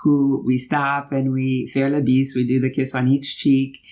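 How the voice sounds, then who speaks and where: A middle-aged woman vlogger telling a personal story in a chatty, animated way while driving on a road trip. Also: extremely low pitch, a little slow.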